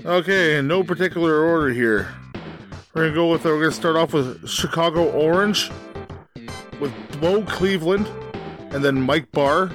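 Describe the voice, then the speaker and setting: A man from Canada co-hosts a gaming podcast. He teases his partner with dry, deadpan humor in a slightly raised pitch. Music plays clearly behind the talk. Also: moderate pace. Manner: dry teasing jokes, deadpan list reading. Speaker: podcast co-host. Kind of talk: casual gaming podcast chat.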